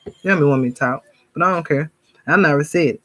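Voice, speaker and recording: A spiritual vlogger delivers a fervent, casual sermon straight to her viewers, calling them y'all and sometimes imitating gossiping people. Her voice is deep, fast, and a bit bright.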